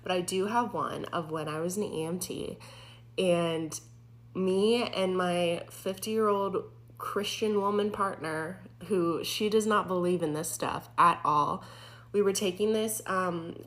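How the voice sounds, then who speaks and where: A young woman, a former EMT, casually retelling a frightening experience with lots of fillers. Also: lowish voice. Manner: animated, filler-heavy retelling. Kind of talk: casual storytelling.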